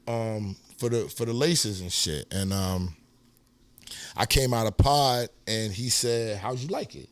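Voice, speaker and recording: A man's voice: on the low side, slow pace, clean tone, dry recording. A man from New York with a New York accent, a podcast guest telling stories in a casual, profane way and acting out what others said. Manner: animated, profane, acts out quotes in a raised voice. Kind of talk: casual storytelling interview.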